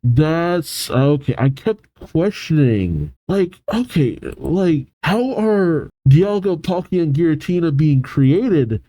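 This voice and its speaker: A man reacting on camera in a casual, musing way, his pitch swinging up and down as he thinks out loud. His voice is mellow and relaxed, and it is recorded close and dry with no room sound. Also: takes it slowly, hardly any pauses, no echo, rough recording. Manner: musing, thinking aloud with many restarts. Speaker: reaction channel host.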